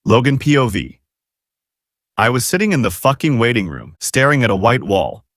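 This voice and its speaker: A man's voice: mid-range voice, sing-song, normal speed, fairly bright tone, dry recording, clean studio sound. A man narrating a romance novel audiobook in the first person, with dramatic, emotive storytelling.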